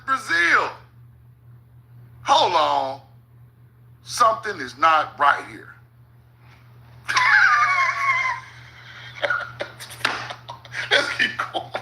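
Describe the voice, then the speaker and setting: A man with a very high, bright voice and plenty of gravelly fry gives loose, profane commentary over maps. He talks slowly, his pitch swinging widely as he keeps stopping to say "hold on" and laughing at his own points. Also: poor audio. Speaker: channel host.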